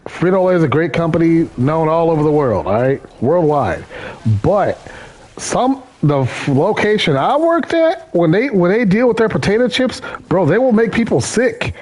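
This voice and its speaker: A man's voice: on the high side, big pitch swings, normal speed, darkish tone. A man hosting a gaming stream, chatting casually and rambling, repeating his words as he goes. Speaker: gaming channel host. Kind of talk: casual chat while gaming.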